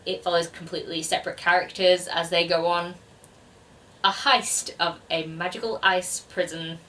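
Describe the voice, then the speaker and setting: A woman's voice: fairly low pitch, fairly even intonation, moderate pace, fairly bright tone, distant mic. A woman chatting casually to camera about books on her shelves, rambling and self-deprecating. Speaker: BookTuber. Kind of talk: casual book chat to camera.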